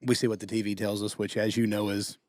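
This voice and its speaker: A man's voice: lowish voice, little pitch movement, quick pace, darkish tone, dry recording, studio quality. A man hosting a podcast, chiming in with short reactions and loose questions. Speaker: podcast host. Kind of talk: casual interview chat.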